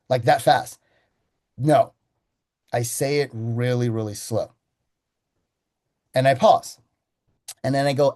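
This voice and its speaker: A man giving a sales training talk, telling how he runs a customer pitch and acting it out with slow, deliberate pauses. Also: a little mellow.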